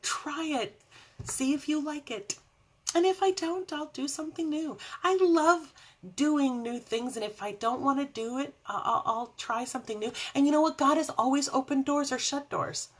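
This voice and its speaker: A woman hosting a casual faith vlog from home, chatting warmly and rambling into tangents with frequent laughs. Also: high-pitched, normal speed. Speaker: faith vlogger and show host. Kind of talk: casual devotional chat to camera.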